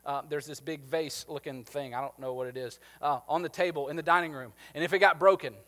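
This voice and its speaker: A man's voice: on the high side, fairly even intonation, quick pace, a bit bright. A man in his thirties preaching a sermon, talking conversationally and checking in with the congregation. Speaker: pastor. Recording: long hall reverb.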